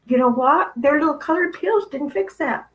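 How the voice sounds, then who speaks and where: A woman's voice: sits high, expressive, normal speed, rough recording. A woman in her fifties giving a candid spiritual talk, blunt and conversational with some profanity. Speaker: spiritual channel host.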